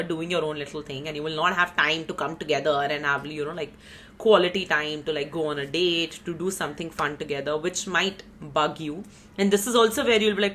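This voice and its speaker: A woman's voice: on the low side, fairly bright tone, a little hiss or hum. A woman giving a casual tarot reading, chatty and rambling, teasing herself as she goes. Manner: chatty, rambling, self-teasing, frequent "you know" and "like". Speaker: tarot reader.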